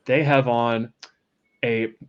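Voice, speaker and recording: A man narrating a tabletop roleplaying game as game master, describing scenes in a lively, chatty way. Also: medium pitch, slow pace, clear, resonant tone, muffled recording. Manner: lively, descriptive, laughs easily.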